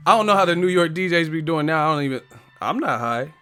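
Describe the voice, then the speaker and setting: A man's voice: a little high, lively intonation, fairly quick, pushed and bright, faint music behind. A man hosting a casual live stream, telling profane stories and laughing often.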